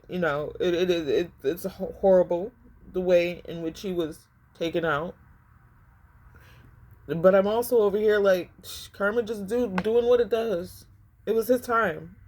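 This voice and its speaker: This tarot reader has a lowish, slightly mellow voice as she gives a casual reading. Emphatic and repetitive, she keeps circling back to her points and talks to her viewers as y'all.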